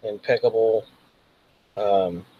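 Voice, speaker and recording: A man's voice: fairly low pitch, steady tone, slow pace, husky, narrow, tinny audio. A man narrating as game master, loosely and with many fillers. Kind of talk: narrating a tabletop role-playing game.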